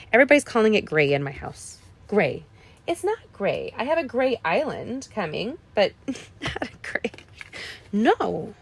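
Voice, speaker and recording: A woman's voice: lowish voice, gravelly, a bit bright. A middle-aged woman hosting a live card-making tutorial, chatting folksily with viewers as she works. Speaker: card-making livestream host. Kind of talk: casual crafting tutorial.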